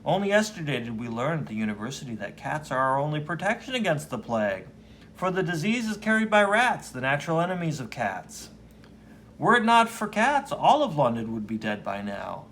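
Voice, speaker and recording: A man's voice: mid-range voice, very animated, normal speed, a bit bright. A man voicing an earnest young man back from university, who explains things with urgency, in a comic reading with faint background noise. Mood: urgent.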